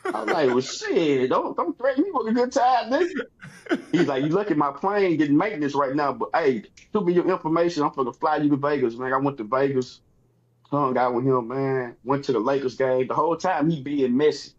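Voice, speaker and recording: A man from Texas with a Texan accent, a comedian guest telling animated stories in casual chat and acting out other people's lines. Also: medium pitch, fairly quick, dull audio.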